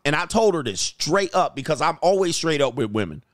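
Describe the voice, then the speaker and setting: Blunt, animated male dating coach. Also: on the high side, brisk, few pauses, no room sound, clean studio sound. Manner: blunt, animated storytelling with frequent laughs. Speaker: dating coach reacting to clips. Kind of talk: casual commentary.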